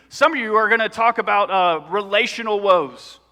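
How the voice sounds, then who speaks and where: A man's voice: high-pitched, a little fast, bright, forceful tone, in a large hall. A man preaching a sermon in a church, talking conversationally and asking the congregation questions. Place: church sanctuary.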